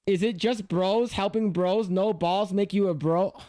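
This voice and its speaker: A man's voice: high voice, fairly even intonation, unhurried, dark tone, dry recording, clean studio sound. A man reacting to a video on a livestream, exasperated and profane, often repeating himself. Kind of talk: casual reaction commentary.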